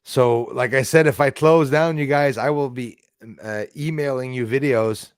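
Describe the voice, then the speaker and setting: A man's voice: mid-range voice, moderate pace, clear, resonant tone, dry recording, clean studio sound. A man hosting a casual live stream, chatting with viewers by name and swearing casually. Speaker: livestream host.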